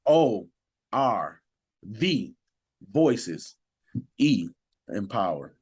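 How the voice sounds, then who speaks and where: A man's voice: fairly low pitch, big pitch swings, extremely slow, darkish tone, slightly rough. A man who works as a sheriff's deputy, a guest on a podcast, telling a personal story with earnest, preacher-like emphasis.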